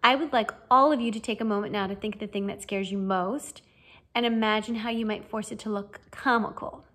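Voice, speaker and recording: A kindly middle-aged wizard teacher, as a woman reads him in a storybook reading. He explains things gently and cheerfully, coaxing his pupils along with calm encouragement. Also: mid-range voice, brisk, close to an everyday voice. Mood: encouraging. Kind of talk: fan audiobook reading.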